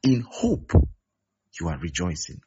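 A man's voice: deep voice, sing-song, measured pace, dark tone, slight background noise. A man preaching a sermon, emphatic and repeating his key phrases. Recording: dull lo-fi recording.

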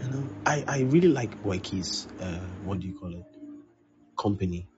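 A man's voice: low voice, lively intonation, moderate pace, background noise. A man who is a pastor, preaching a conversational sermon, acting out little dialogues and prodding listeners with "huh?". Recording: dull lo-fi with music behind.

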